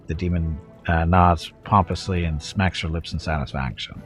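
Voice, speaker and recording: Deep-voiced man reading game text. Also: moderate pace, hardly any pauses, faint music behind. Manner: steady read-aloud with offhand asides. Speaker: streamer playing a game. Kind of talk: reading game narration aloud.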